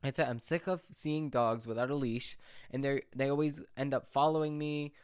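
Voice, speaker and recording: A man's voice: mid-range voice, fairly even intonation, normal speed, darkish tone, smooth, no room sound, clean studio sound. A teenage boy talking casually to his viewers in a rambling, repetitive, exasperated rant. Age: teens. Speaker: vlogger. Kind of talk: casual monologue to camera.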